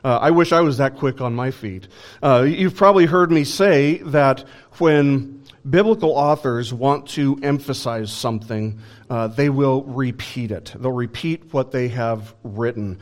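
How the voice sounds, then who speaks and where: A man's voice: mid-range voice, a little slow. A man preaching a sermon in a conversational way, with frequent fillers and restarts. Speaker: pastor.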